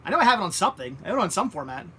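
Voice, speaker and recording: A man co-hosting a movie live stream, chatting casually and enthusiastically, quick to laugh. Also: high-pitched, very animated, sharp tone, breathy edge. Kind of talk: casual chat.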